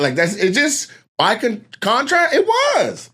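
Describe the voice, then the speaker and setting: Animated, profane man telling a story. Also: high voice, moderate pace, hardly any pauses. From Washington State, US. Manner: animated, profane, acts out other people's voices. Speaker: guest comedian. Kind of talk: casual storytelling chat.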